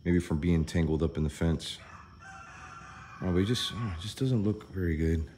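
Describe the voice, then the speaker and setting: A man vlogging outdoors on a small farm, chatty and worried, thinking out loud as he walks around. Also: sits low, normal speed, slight background noise. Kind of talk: casual vlog commentary.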